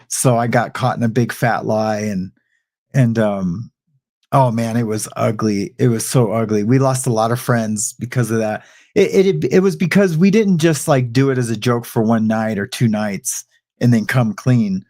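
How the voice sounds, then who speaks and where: A middle-aged man chats informally with viewers on his livestream, his mid-range voice a touch mellow. He drifts into a rambling tale, frequently starting over and adding asides.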